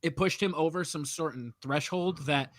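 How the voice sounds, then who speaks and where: A man's voice: fairly high pitch, moderate pace. A man hosting a podcast in casual chat, telling a story with energy and acting out the people in it. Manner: animated storyteller, laughs often, acts out other people. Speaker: podcast host.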